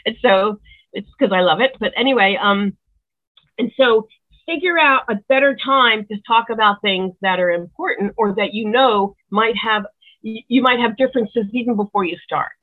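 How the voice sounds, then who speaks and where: A woman's voice: on the high side, normal speed. A woman musician giving rambling, earnest advice in casual chat, heard over a tinny phone-like line. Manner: rambling, earnest, many restarts. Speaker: musician guest.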